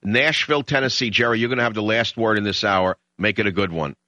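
A man with a New York accent hosting a talk radio show, emotional and combative when he gets excited. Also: fairly low pitch, fast talker, no echo. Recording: slightly dull lo-fi radio sound.

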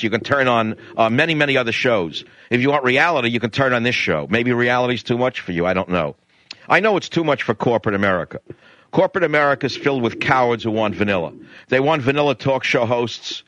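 A man's voice: medium pitch, a bit bright, no echo. A middle-aged man hosting a talk radio show, speaking in a blunt, indignant, ranting manner. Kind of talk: political talk radio monologue.

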